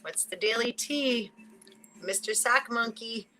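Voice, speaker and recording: A woman hosting a casual spiritual reading, chatting and laughing between thoughts, swearing casually and slowing down to read card messages aloud. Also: a little high, sharp tone, faint music behind, low-quality recording. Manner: reads oracle card messages aloud slowly. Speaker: spiritual reader and channel host.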